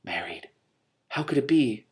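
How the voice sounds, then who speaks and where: A man's voice: mid-range voice, animated, measured pace, a little mellow. A man reading a novel aloud and breaking off to react with emotional commentary. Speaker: reader and commentator.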